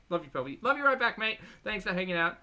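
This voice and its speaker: A man's voice: high-pitched, big pitch swings, fairly quick, sharp tone. A man with an Australian accent giving casual, sarcastic commentary to a live chat while reacting to videos. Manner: wry, sarcastic asides. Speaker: reaction streamer.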